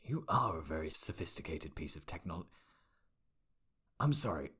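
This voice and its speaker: A man voicing a wrinkled, drunken old tinkerer in a tabletop game, speaking in a hushed mutter. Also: extremely low pitch, lively intonation, normal speed, husky, exaggerated voice. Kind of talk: tabletop role-play.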